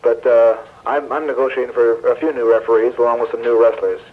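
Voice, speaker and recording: A man interviewed as a wrestling promoter, speaking in a measured, businesslike way with frequent hesitations. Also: medium pitch, fairly even intonation. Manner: measured, businesslike, with many uhs. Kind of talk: radio interview. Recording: tinny 1970s radio broadcast.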